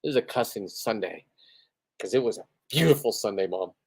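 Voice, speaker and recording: A man's voice: fairly low pitch, expressive, brisk, a little mellow, slightly rough. A man chatting loosely on his own livestream, tipsy after a few beers, rambling, swearing freely and boasting about his day. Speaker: livestreaming spearfisherman. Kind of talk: casual livestream chat.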